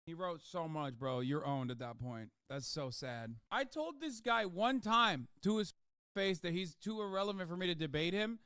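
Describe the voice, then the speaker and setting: A man's voice: high voice, expressive, moderate pace, bright, forceful tone, clean tone, dry recording, studio quality. A man doing livestream commentary, ranting sarcastically with plenty of swearing.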